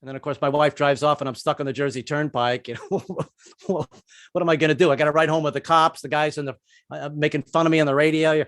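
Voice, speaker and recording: A male stand-up comic with a slightly high voice tells jokes, stumbling and repeating words on the way to each punchline. The sound is dry and close, with little room around him. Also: steady tone, a bit bright, dry recording. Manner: halting, repeats words, drops into quick bits. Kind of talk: stand-up comedy set.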